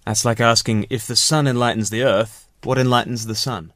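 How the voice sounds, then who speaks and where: A man co-hosting a podcast, chatting casually and answering challenges with quick, witty one-line retorts. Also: mid-range voice, fairly even intonation, fairly bright tone, no room sound, studio quality. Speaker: podcast co-host.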